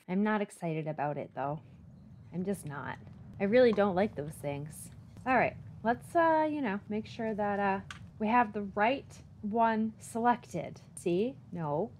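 A young adult woman talking through a video game, chatty and self-deprecating, reacting out loud as she plays. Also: mid-range voice. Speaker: gaming YouTuber. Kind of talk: casual let's-play commentary. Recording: faint background noise.

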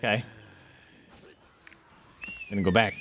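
A man giving casual, excitable commentary while playing a game on stream, swearing and talking to himself. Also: lowish voice, measured pace, slight background noise.

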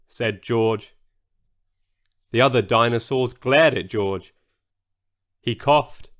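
A man reading a children's story aloud in an animated, expressive storytelling manner. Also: mid-range voice, takes it slowly, pauses often.

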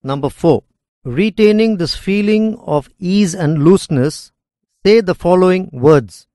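Man, instructor, unhurried lesson narration, fairly high voice, dry close sound. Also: lively intonation, darkish tone, no room sound. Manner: measured, deliberate reading.

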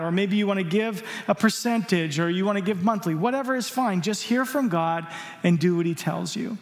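A male pastor preaching a sermon, emphatic and exhorting his congregation. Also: high voice. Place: church auditorium. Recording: long hall reverb.

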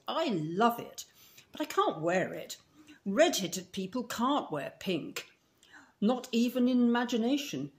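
A woman's voice: on the high side, a little mellow. A woman with a Scottish accent reading aloud as a talkative, romantic eleven-year-old orphan girl in a storybook. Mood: eager, dreamy. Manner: gushing, romantic, breathless run-on talk.

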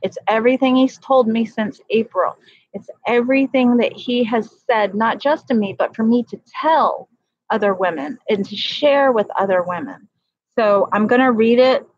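A woman's voice: a little high, normal speed, no room sound, muffled recording. A woman hosting a livestream, talking earnestly about her faith and praying aloud, often repeating phrases for emphasis. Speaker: livestream host sharing a prophetic word. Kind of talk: casual faith talk and spoken prayer.

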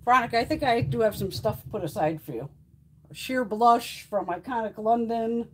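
A woman's voice: a little high, normal speed, a little hiss or hum. A middle-aged woman chatting casually while hosting a beauty livestream, swearing freely and laughing often. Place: home makeup room.

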